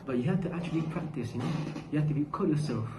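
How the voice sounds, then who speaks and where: A man's voice: a little high, rapid-fire. A young man giving mock advice in a comedic vlog, rambling, joking and swearing, dropping casual particles into his talk. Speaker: vlogger. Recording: echoey room with steady background noise.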